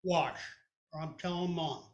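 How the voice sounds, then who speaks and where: An older man voicing a bossy older sister who scolds her little brother in slow, loud bursts, in an echoey room. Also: low voice, dull audio. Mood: bossy, scolding.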